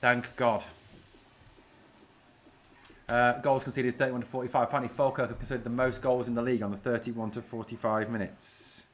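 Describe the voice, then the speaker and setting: During a fan watch-along stream, a man gives relaxed live commentary and reads viewers' comments, growing excitable as his team attacks. He has a mid-range voice, speaks at a moderate pace, and pauses often.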